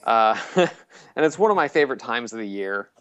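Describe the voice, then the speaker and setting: A man hosts a loose, casual podcast at an everyday mid pitch. He rambles through his points with plenty of fillers and quick laughs. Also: lively intonation, a bit bright, clean tone. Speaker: podcast host.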